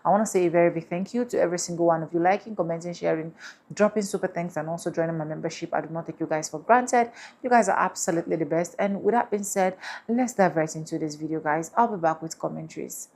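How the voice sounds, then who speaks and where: A woman hosting a commentary channel, talking emphatically and repeating phrases slowly for stress. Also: lowish voice, a little mellow. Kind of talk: casual commentary.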